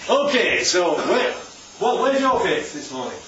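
High, lively preacher in an echoey hall. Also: male voice, a little slow, a crowd in the background. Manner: constantly checks in with "right?". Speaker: preacher leading a Bible study. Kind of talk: interactive sermon. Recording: echoey room, distant dull mic.

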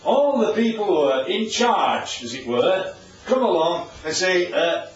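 Lively preacher in an echoey hall. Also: male voice, a little high, normal speed, hardly any pauses, slight background noise. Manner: chatty, asks the audience questions. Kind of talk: informal Bible teaching with slides. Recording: distant, echoey, dull room recording.

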